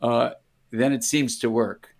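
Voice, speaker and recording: A man's voice: medium pitch, fairly even intonation, measured pace. An older American man, a psychiatrist and interview guest, telling casual anecdotes with many restarts and acted-out voices. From United States. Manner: rambling, self-interrupting, acts out voices in anecdotes. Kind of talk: casual conversational storytelling.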